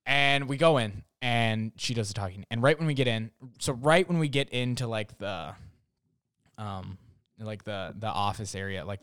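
A young adult man, a podcast host, telling a rambling story full of fillers and deadpan jokes. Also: mid-range voice, smooth, no room sound, clean studio sound. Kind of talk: casual storytelling.

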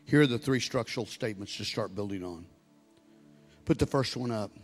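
A man in his sixties, a pastor preaching a sermon and building to loud exhortation. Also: lowish voice, fairly quick. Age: 60s. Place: church sanctuary. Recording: long reverb of a large hall with music.

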